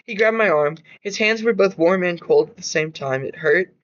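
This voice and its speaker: A man's voice: high voice, moderate pace, dull audio. A man narrating his own horror story in an amateur reading, with slips and restarts.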